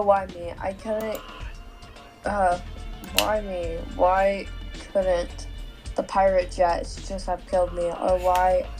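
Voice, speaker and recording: A young woman reading fanfiction aloud as a co-host, in a flat, halting way. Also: fairly low pitch, poor audio.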